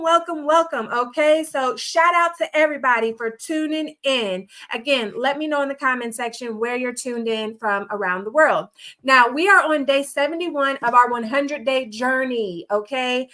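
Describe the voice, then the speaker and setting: High pitched lady running a devotional livestream, chatty and folksy, bit out of breath. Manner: warm greetings to viewers by name, folksy. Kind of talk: casual livestream welcome.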